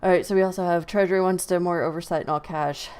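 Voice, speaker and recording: A woman's voice: on the low side, fast, smooth. A woman hosting a podcast, giving opinionated casual commentary with frequent laughs and sighs. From United States. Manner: animated, laughs often, sighs. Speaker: podcast host.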